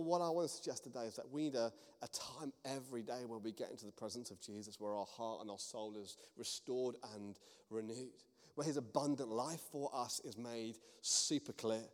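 A man, a priest preaching a sermon, telling stories in an earnest, animated way. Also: medium pitch, normal speed. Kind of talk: sermon with storytelling. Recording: long reverb of a large hall.

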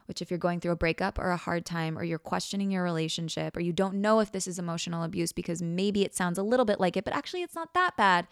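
A woman's voice: on the low side, creaky, no room sound, clean studio sound. A young woman hosting a podcast, telling a personal story frankly and vividly, acting out quoted lines and swearing casually. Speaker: podcast host.

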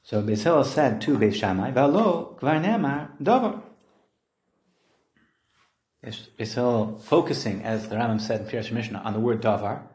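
A man giving a Talmud study lesson, explaining lively and acting out the quoted voices. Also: lowish voice, fairly quick, hardly any pauses. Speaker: Talmud teacher. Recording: roomy echo.

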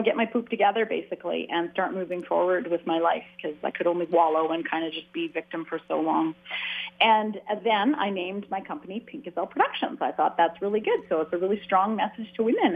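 A woman guest in a casual interview, talking in a chatty, rambling way with frequent restarts. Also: medium pitch. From Canada. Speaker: author and guest. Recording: tinny phone-like line.

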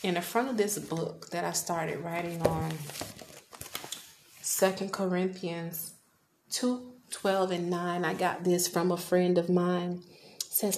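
A woman's voice: on the low side, level tone, slow, a little mellow. A woman in her thirties hosting a personal faith podcast, earnest and confessional, sometimes dropping to a whisper. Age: 30s. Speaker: podcast host. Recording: echoey room with faint background noise.

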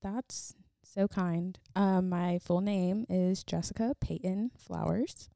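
A young woman hosts a relaxed podcast chat, her voice carrying a gravelly fry at the ends of phrases. She answers in quick, easygoing bits, recorded close and dry with no room sound. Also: fairly low pitch, no room sound. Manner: easygoing, quick with short replies and laughs. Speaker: podcast host.

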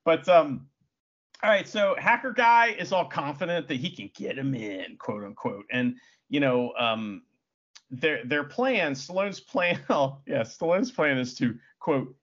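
A man's voice: fairly high pitch, lively intonation, unhurried, fairly bright tone, dull audio. A man co-hosting a casual film review podcast, sarcastic and swearing, with frequent laughs. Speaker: podcast co-host. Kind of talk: casual movie review chat.

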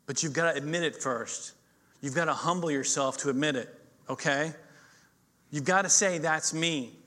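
A middle-aged male pastor preaching a sermon, telling stories with swings between loud emphasis and quiet intensity. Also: mid-range voice.

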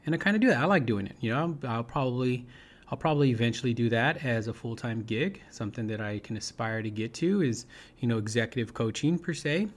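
A man tells a personal story in a loose, conversational way. He rambles, restarts and leans on "you know" and "right?" as he goes. His voice sits at an ordinary middle pitch. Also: expressive, fast. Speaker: speaker sharing a personal story. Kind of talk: informal storytelling talk.

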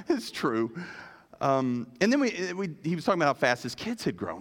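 A man's voice: medium pitch, sing-song, normal speed, long pauses, a bit bright. Conversational middle-aged male preacher. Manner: conversational storytelling, varied emphasis, repeats words. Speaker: pastor. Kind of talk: sermon.

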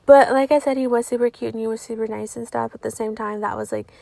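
A young woman chats straight to camera in a casual storytime monologue. Her voice sits a bit high, and the sound is dry and close with no room echo. She is blunt and outspoken, swears freely and leans on "like" between almost every phrase. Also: steady tone, fast, vocal fry, mellow. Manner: profane, filler-heavy talk with constant "like". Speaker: vlogger telling a personal story.

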